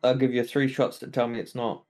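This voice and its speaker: A man playing a tabletop game, talking loudly and in a hurry. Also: medium pitch, little pitch movement, brisk, crowd noise. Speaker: player.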